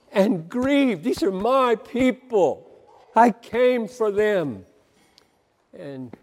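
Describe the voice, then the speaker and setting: A man's voice: sits high, a little mellow, long reverb tail. A man preaching a sermon with passion and emphasis, often repeating words to drive a point home.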